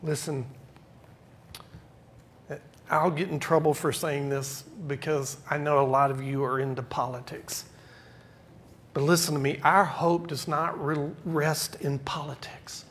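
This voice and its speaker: A male pastor preaching a sermon. He swings between loud, emphatic lines and quieter asides. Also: a little high, steady tone, measured pace, pauses often, slightly rough.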